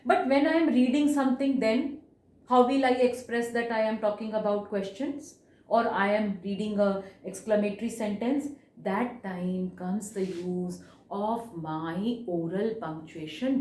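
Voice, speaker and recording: Expressive woman teacher. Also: roomy sound. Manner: expressive, stretches key words, varies pitch and loudness for demonstration. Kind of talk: online reading lesson.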